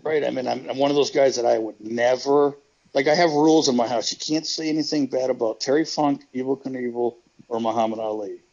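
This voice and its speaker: A man with a gravelly, husky voice tells rambling, profane stories in a casual interview, laughing often. The sound is slightly dull and lo-fi. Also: mid-range voice, fairly even intonation, brisk, a little mellow. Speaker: guest, retired pro wrestler.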